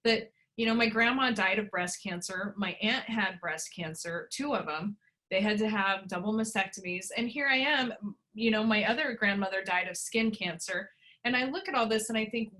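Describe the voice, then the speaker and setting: Frustrated, emphatic woman, bright voice. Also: medium pitch, brisk. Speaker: interviewee. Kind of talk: emotional personal interview.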